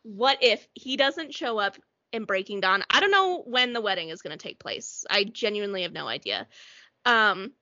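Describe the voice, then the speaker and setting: Bright, animated woman co-hosting. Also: medium pitch, normal speed, no room sound, muffled recording. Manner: animated, keeps acting out little quotes. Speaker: podcast co-host. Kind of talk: casual chat.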